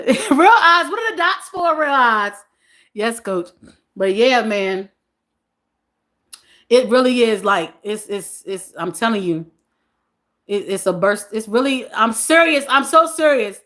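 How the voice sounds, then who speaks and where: A woman's voice: a little high, expressive, measured pace, pauses often, a bit bright. A woman in her forties hosting a casual livestream, reading viewers' comments aloud, laughing often and repeating their names. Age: 40s. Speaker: livestream host.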